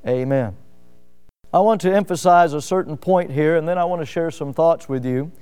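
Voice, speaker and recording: A man preaching a sermon, telling homely stories with fillers and swinging from loud rises to soft drops. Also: on the high side, a little fast, clean tone, soft background music. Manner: folksy storytelling with fillers. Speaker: pastor.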